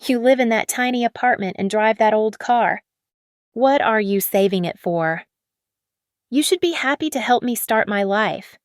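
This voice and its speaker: A woman voicing a spoiled, entitled young woman who snaps and whines her demands in a shrill voice. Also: expressive, moderate pace, dry recording, clean studio sound, close to an everyday voice. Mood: demanding. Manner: shrill, snapping, whiny demands.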